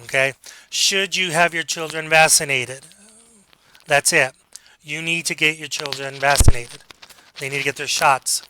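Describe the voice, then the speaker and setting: Bright-voiced male teacher lecturing casually. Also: on the high side, fairly even intonation, measured pace, long pauses, a little hiss or hum, poor audio. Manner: conversational, acts out quoted examples. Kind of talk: recorded online lecture.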